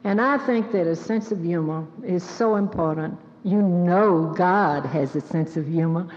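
A Southern US woman in her 70s, speaking at a measured pace in a lowish, a little mellow voice, tells folksy, self-mocking stories to a live auditorium audience as a guest speaker and takes questions. The lo-fi recording echoes in the reverberant hall.

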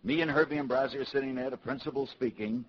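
A man from New City, telling a comic story to a live audience with punchy, animated delivery. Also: mid-range voice, quick pace, dull audio. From New York City. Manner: animated, punchy, swings between loud and hushed.

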